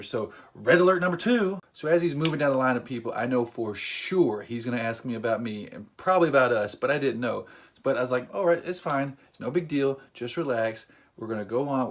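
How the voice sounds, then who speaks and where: A young man telling a funny personal story to camera in a casual, animated, self-deprecating way. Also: medium pitch. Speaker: vlogger.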